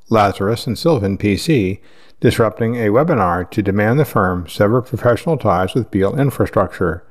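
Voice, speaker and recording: A man reading news articles aloud in a steady, measured way, with the odd slip. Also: lowish voice. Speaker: news reader.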